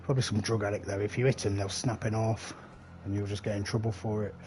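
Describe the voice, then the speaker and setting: A rambling middle-aged man talks to his live-stream chat while he plays. His voice sits low, he swears casually, and there is a faint hum of ambience behind him. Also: level tone, fast, darkish tone.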